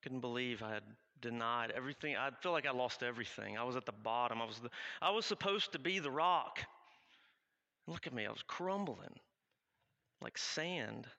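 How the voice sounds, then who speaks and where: A guilt-stricken apostle, as a man acts him out speaks in a confessional first-person monologue. His voice is bright and edged, with a gravelly fry beneath the words. He halts and restarts, urgent and raw. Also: medium pitch, lively intonation, moderate pace, highs cut off. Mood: anguished. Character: remorseful male apostle recounting his denial.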